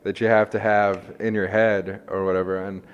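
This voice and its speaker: A man hosting a podcast, chatting in a laid-back, halting way. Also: fairly low pitch, flat delivery, clear, resonant tone, muffled recording. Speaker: podcast host. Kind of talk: casual chat.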